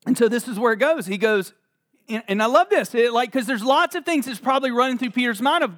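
A man preaching a sermon as pastor, joking and animated, with laughs and acted asides. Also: extremely high pitch, fast talker.

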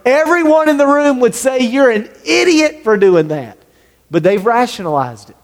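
Earnest high-voiced male pastor preaching. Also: long reverb tail. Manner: earnest, acts out dialogue in quoted voices. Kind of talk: sermon.

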